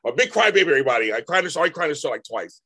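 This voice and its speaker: A man co-hosting a casual chat podcast, emotional and animated, often repeating himself. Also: fairly high pitch, breathy edge. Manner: animated, emotional, quick repetitions. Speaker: podcast co-host.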